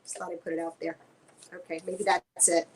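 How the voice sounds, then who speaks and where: A woman guest on a video-call Q&A, chatting in a lively, rambling way. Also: on the low side, a little fast, crowd noise, low-quality recording. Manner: chatty, animated, tangents.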